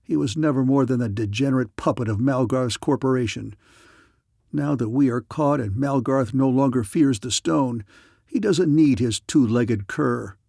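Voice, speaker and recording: A man's voice: medium pitch, moderate pace, gravelly, a little mellow, no room sound, studio quality. A man playing a scornful rebel fighter. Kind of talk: audiobook character reading.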